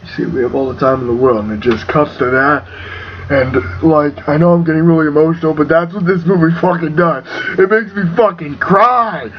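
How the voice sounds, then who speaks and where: A young man giving an excitable, casual film review, full of fillers and swearing. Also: fairly high pitch, normal speed. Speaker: movie reviewer. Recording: dull lo-fi home recording with faint hiss.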